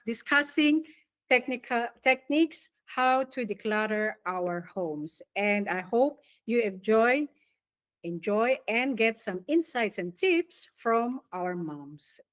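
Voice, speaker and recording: Unhurried woman radio host. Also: a little high, expressive, fairly bright tone. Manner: informal, stumbles and restarts words. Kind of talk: live radio introduction.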